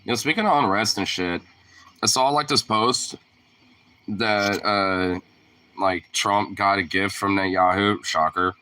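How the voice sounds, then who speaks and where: Low-voiced man with a sharp, bright tone. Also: measured pace. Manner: rambling and profane, full of "like" fillers. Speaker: streamer. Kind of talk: casual chat.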